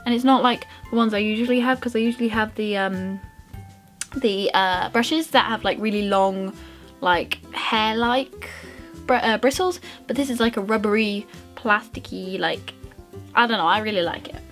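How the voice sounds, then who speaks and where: A woman's voice: medium pitch, moderate pace, faint music behind. A young woman talking through her makeup routine in a bubbly, rambling, self-mocking way. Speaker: beauty vlogger. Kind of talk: casual makeup tutorial chat.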